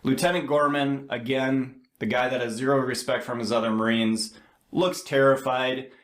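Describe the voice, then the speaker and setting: A man recapping a movie scene by scene on a podcast, sometimes acting out what the characters say. His voice sits at a middle pitch. The recording has a roomy echo. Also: steady tone, moderate pace. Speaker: podcast co-host.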